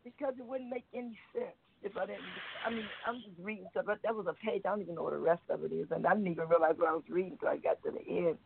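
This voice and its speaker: A man's voice: sits high, steady tone, creaky, slight background noise. A man hosting a call-in radio show, chatting casually and reading a poem aloud in a rambling, giggly way. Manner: giggly, rambling, reads haltingly. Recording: tinny phone line.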